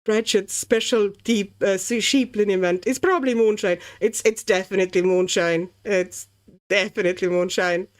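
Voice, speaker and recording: While she colours during a casual livestream, a Latvian host talks with her audience, reads out their comments and muses on what she's making. Her voice is medium in pitch at a moderate pace, and her manner is chatty and easily amused.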